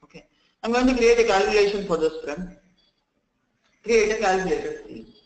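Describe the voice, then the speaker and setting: A man running a live software training session, explaining step by step, often saying "okay" and "friends" and restarting sentences. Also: high voice, moderate pace, echoey room, rough recording.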